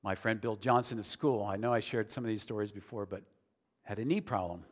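A pastor with a lowish voice preaches briskly in an earnest, conversational style that builds to emphatic declarations. The recording carries the long reverb of a large hall.

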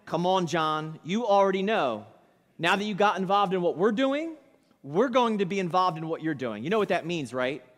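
A preacher putting on a threatening prison gang leader, taunting and animated. The voice sits high for a man, and the words ring in a reverberant church hall. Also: normal speed. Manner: menacing, taunting.

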